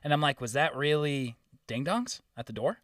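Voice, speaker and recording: A young man hosting a podcast, telling a story in casual chat, swearing often and getting animated. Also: mid-range voice, normal speed, no room sound, clean studio sound, distant mic. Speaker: podcast host.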